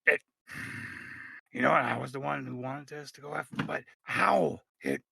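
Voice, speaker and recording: A man's voice: mid-range voice, a little slow, gravelly, bright, forceful tone, husky, no room sound, full character voice. A man voicing a grumpy man muttering curses under his breath. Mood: grumbling. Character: grumbling man cursing over a broken wheel.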